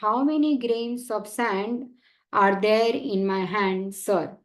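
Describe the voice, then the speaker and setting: A woman's voice: mid-range voice, takes it slowly, close to an everyday voice. A woman voicing an innocent, insistent little boy. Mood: earnest. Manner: polite, insistent. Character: innocent, fearless five-year-old boy.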